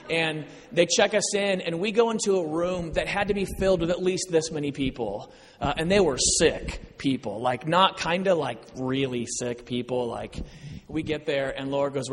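A man giving a sermon full of personal stories, acting out the dialogue in an animated way. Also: a little high, normal speed. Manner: animated storyteller, acts out dialogue. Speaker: guest speaker. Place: large church hall. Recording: church hall with long reverb.

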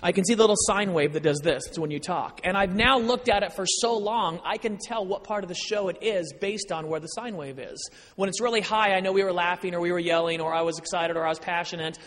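A man telling his personal faith story to an audience with earnest storytelling, moving between excitement and quiet emotion. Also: sits high, a little fast. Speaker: speaker sharing personal testimony. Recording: long reverb of a large hall.

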